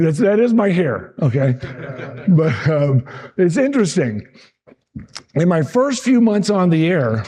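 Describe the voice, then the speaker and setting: A man in his sixties, a TV meteorologist telling lively stories from his career to an audience. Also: fairly high pitch. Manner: lively anecdotal, acts out quotes, frequent restarts. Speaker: TV meteorologist giving a talk. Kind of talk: storytelling presentation to an audience.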